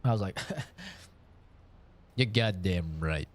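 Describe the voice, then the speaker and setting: A man's voice: low voice, expressive, very slow. A man in his twenties chatting casually on a live stream, boastful and profane in his banter.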